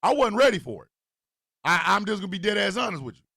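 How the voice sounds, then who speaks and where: A man telling a comic story as a podcast host. He swings from low mutters to loud outbursts. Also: sing-song, fast, gravelly, slightly rough, no echo, studio quality. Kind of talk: comedic storytelling monologue.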